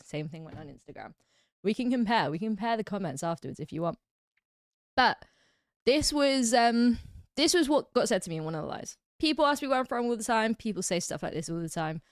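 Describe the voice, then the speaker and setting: A woman's voice: mid-range voice, sing-song, brisk, dry recording, studio quality. A woman from England with an English accent, chatting casually on a livestream, rambling and laughing often. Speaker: streamer.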